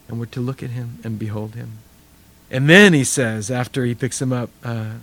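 Middle-aged male pastor, conversational sermon delivery, animated storyteller. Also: medium pitch, normal speed.

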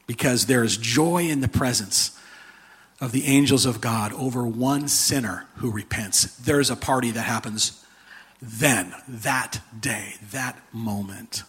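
A man preaching a sermon in an animated, conversational way, with a husky voice. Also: medium pitch, measured pace. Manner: animated, conversational, with frequent restarts and laughter. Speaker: pastor.

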